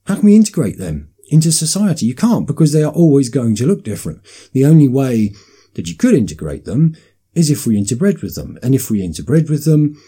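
A man's voice: mid-range voice, sing-song, fairly quick, mellow, husky. A man delivering an emphatic, insistent monologue with frequent restarts. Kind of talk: political monologue.

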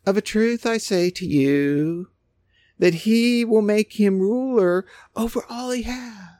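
A man voicing a soft, simpering male preacher reading scripture in a gentle, breathy way. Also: high-pitched, slow pace, dry recording, clean studio sound, pitched above the performer's own voice. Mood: mocking.

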